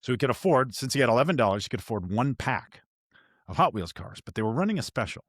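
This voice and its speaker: A man's voice: mid-range voice, big pitch swings, fast, no room sound, studio quality. Candid man telling a parenting story. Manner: candid, self-reflective, many restarts. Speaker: podcast host. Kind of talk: casual storytelling chat.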